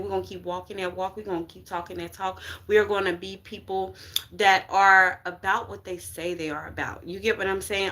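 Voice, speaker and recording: A woman's voice: on the low side, bright, forceful tone. A woman giving a casual tarot reading on a live stream, preachy and uplifting, full of call-and-response and slang. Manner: call-and-response, repeats "you get what I'm saying". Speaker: spiritual reader on a live stream.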